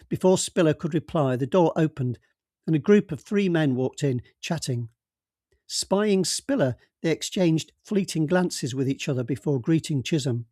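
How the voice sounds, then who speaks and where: A man narrating a novel in a steady, even audiobook reading. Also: on the high side, moderate pace, no room sound, clean studio sound.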